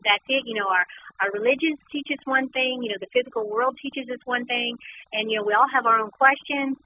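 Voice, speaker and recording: Animated woman guest, noisy recording. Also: a little high, brisk. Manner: animated, repeats words while recounting. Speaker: guest, author. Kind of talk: conversational storytelling. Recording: noisy background.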